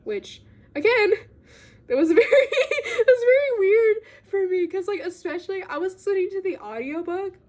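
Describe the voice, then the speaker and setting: A woman's voice: extremely high pitch, animated, moderate pace. A young woman casually recapping a book she read, rambling with lots of fillers and giggly asides. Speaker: book vlogger.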